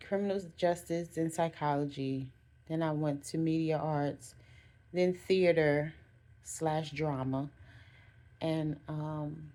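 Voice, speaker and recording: A woman vlogger speaks in a relaxed, conversational way, sharing reflective self-help thoughts. Her voice sits a little low and sounds warm and mellow. She keeps circling back with "again" and "you know" and corrects herself mid-sentence.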